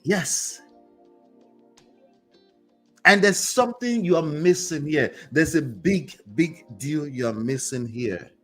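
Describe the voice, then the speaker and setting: A man hosting a motivational commentary show, speaking straight to his viewers in a preachy, animated way. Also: on the high side, slow, pauses often, soft background music. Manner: preachy, animated, talks to the audience directly. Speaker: host.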